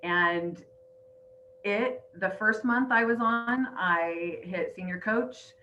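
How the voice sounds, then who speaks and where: A woman's voice: medium pitch, slow pace, bright, forceful tone, highs cut off, a little hiss or hum. A middle-aged woman and grandmother earnestly telling her personal story on a group call, teary and emotional. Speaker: weight-loss coach sharing her story. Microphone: online call.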